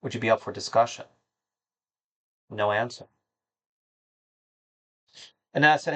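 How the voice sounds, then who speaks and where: A man's voice: on the low side, fairly even intonation, unhurried, pauses often. A man hosting a gaming channel, talking to his viewers in a rambling, somber and disappointed way, with many fillers and restarts. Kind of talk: casual monologue to viewers.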